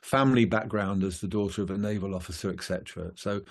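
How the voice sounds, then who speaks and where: A man's voice: sits low, fast talker. A male musician chatting casually in an interview, rambling with many fillers and restarts. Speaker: guest musician.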